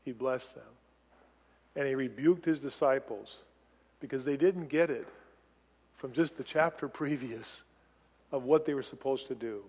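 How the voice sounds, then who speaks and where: A man preaching a sermon as pastor, animated, putting questions to the congregation. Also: medium pitch, measured pace, long pauses, breathy edge, big-room sound.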